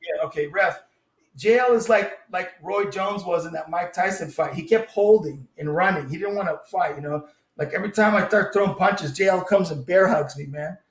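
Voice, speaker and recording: Man, high voice, taunting and boastful debater, echoey room. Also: moderate pace. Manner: taunting, boastful, laughs at opponent. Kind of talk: heated online debate.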